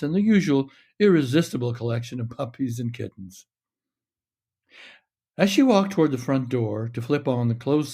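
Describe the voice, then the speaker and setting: A man reading his own short story aloud in a measured, steady narration. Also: medium pitch.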